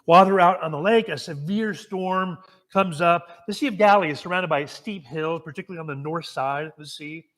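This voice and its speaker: An American man delivers a sermon in a light, high-pitched voice. He tells the story conversationally, asking his listeners questions and often restarting his words. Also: a bit bright. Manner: storytelling, asks the congregation questions. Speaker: preacher.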